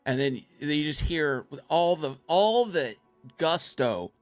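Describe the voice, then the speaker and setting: A man hosting his own gaming channel, giving excitable, playful gameplay commentary and laughing easily. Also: on the high side, slow pace, no room sound, soft background music.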